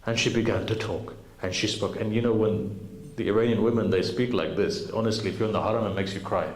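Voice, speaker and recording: A man's voice: lowish voice, steady tone, fast, hardly any pauses. Earnest preacher man in an echoey hall. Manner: earnest, addresses the audience directly. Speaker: preacher at a majlis. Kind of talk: sermon storytelling. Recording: roomy hall recording with faint noise.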